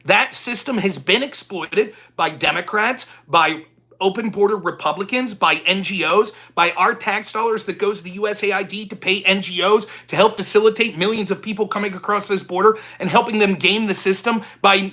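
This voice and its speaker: A male talk show host rants alone into the mic in an angry, confrontational way. He curses freely and keeps turning on his listener. His voice stays bright and sharp the whole way through. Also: high voice, moderate pace. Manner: talks straight at the listener. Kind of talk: solo ranting commentary.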